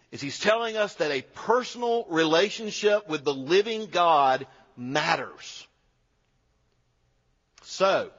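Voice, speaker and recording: A man's voice: sits high, fairly bright tone. A middle-aged man preaching a sermon, emphatic, repeating key phrases, with dry humor. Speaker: pastor. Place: church sanctuary. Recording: dull sound with long church reverb.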